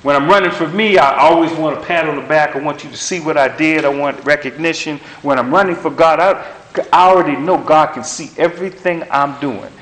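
A man's voice: on the high side, fairly quick, a bit bright. A man preaching a sermon with an emphatic, repetitive cadence, hammering home short phrases. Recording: roomy echo.

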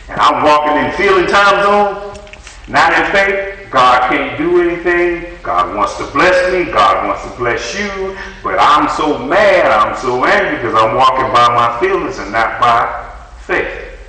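Animated preacher man in an echoey hall. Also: mid-range voice, a little slow. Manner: animated, conversational preaching, acts out voices in dialogue. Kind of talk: sermon. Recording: echoey hall, mic at a distance.

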